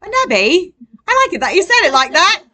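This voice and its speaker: A woman's voice: very high-pitched, very animated, fairly quick, sharp tone. A woman tutoring nursing students in a casual review lesson, quizzing them and acting out patients.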